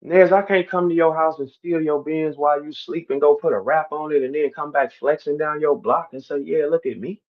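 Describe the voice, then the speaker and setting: A man's voice: fairly high pitch, a little fast, hardly any pauses, narrow, tinny audio. Heated man ranting on a stream. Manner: animated, repetitive, swings from loud to quiet. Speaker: battle rapper on a stream. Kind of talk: heated monologue.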